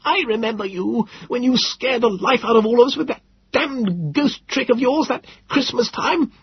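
A man voicing a frail, frightened old man who hurls scornful insults in a shrill, strained voice. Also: normal speed, husky, dull audio, heavily acted. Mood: bitter. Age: older. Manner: hurling insults.

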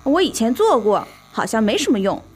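A fussy young salon customer, played by a woman in a scripted lesson dialogue, doubtful and always bargaining. Her voice sits high and swings widely in pitch. Faint music plays underneath. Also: big pitch swings, brisk. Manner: doubtful, haggling.

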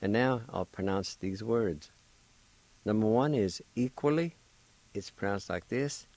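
A man's voice: fairly low pitch, expressive, a little mellow, dry recording, low-quality recording. A man hosting a radio lesson, patiently spelling words out syllable by syllable and encouraging the listener. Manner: slow, patient, spells out syllables one at a time. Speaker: radio host teaching Cherokee.

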